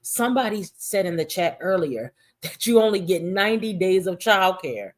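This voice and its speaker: A woman's voice: on the low side, expressive, normal speed. A woman hosting casual livestream commentary, talking in a profane, mocking way.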